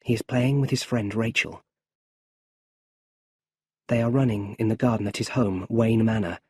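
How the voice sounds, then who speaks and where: A man's voice: on the low side, fairly even intonation, moderate pace, warm tone, breathy edge, dry recording, studio quality. A man reading a story aloud for English learners, in a careful storybook manner. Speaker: audiobook narrator. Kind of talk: slow scripted narration for English learners.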